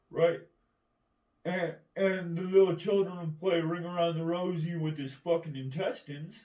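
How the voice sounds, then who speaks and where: Swearing ranting man, slow and echoey. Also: fairly high pitch, fairly even intonation, dark tone. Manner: heavy swearing, keeps asking "right?"; rambling and combative. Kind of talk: profane monologue rant. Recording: echoey room, distant mic.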